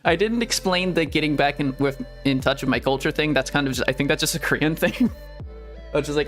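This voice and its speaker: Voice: mid-range voice, fairly quick, a bit bright. Giggly rambling streamer over faint music. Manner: giggly, laughs between almost every sentence; rambling, self-correcting, playfully silly. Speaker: live streamer. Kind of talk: casual live-stream chat. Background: faint background music.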